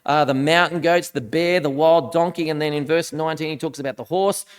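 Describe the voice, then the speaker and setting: High-voiced man preaching casually. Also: steady tone, brisk, clear, resonant tone. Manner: conversational preaching, reads scripture aloud with dramatic emphasis. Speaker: minister. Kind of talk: sermon.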